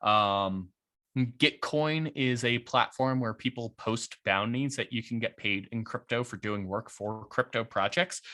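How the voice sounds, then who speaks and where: Bright-voiced man in casual chat. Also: mid-range voice. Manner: relaxed, chatty, many fillers and likes. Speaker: guest, head of strategy at a crypto firm. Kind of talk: casual podcast interview.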